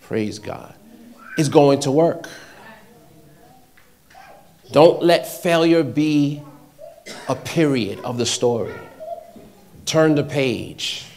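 A man preaching a sermon, repeating short phrases and swinging between loud exhortation and hushed, near-whispered passages. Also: on the high side, extremely slow, long pauses.

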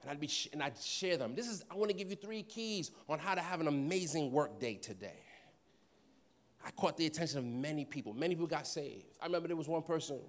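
A man's voice: fairly high pitch, expressive, quick pace. A man preaching a sermon, telling stories, acting out voices and laughing often. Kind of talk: sermon with storytelling.

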